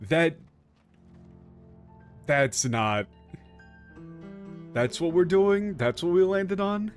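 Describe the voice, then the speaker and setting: A man's voice: on the high side, very animated, drawn-out words, pauses often. Young man, streamer, tired, joking and swearing, let's-play commentary, faint game music behind.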